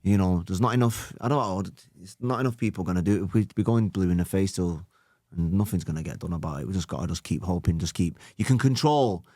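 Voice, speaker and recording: A man hosting a podcast, reflective and encouraging, with many casual fillers. His voice sits fairly low. The recording is close and dry. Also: fast talker, mellow, no room sound. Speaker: podcast host, coach.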